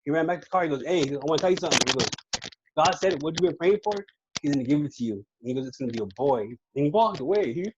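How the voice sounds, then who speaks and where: A man's voice: on the high side, animated, very fast. A man tells his faith story in loose, rambling casual talk, circling back over his words. The recording is a bit dull, with a faint hiss and some clicks behind him. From California. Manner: rambling, many restarts. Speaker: guest. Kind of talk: casual testimony.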